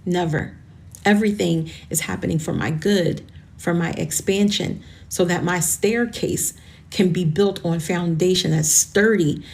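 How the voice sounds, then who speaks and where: A woman's voice: lowish voice, a little slow, vocal fry, a little mellow. A woman in her forties hosting a motivational podcast, talking to listeners in an earnest, encouraging way and sounding close to tears. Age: 40s. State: tearful, emotional. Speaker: podcast host.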